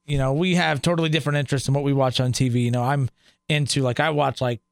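Fast-talking young man telling rambling stories. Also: medium pitch, fairly even intonation, gravelly, no room sound, studio quality. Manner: rapid rambling storytelling, acts out quotes. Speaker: guest, radio station sales staff. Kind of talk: casual podcast chat.

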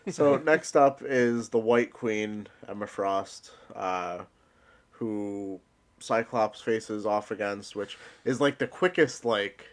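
A man co-hosting a podcast in casual chat, rambling with restarts and laughing often. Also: on the low side. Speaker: podcast co-host.

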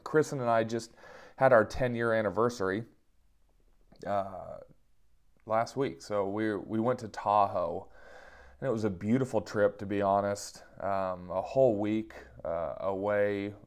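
A man's voice: fairly low pitch, darkish tone, smooth. A man in his thirties telling funny personal stories in a casual monologue, self-mocking and chuckling often.

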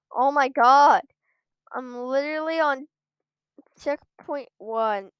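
A woman commenting live on her own gameplay, breaking into exasperated rants and outbursts. Her voice sits high and comes out smooth and clean, her delivery slow and drawn out. The sound is close and dry, with no room around it. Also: no echo. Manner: exasperated ranting with frequent outbursts. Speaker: gamer streaming her own play. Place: at a computer.

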